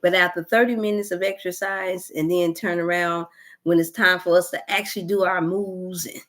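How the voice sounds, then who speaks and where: Animated fifty-something woman telling a testimony. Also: on the low side, normal speed. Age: 50s. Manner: animated, with sighs and exclamations. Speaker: wellness show host. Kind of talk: testimonial storytelling.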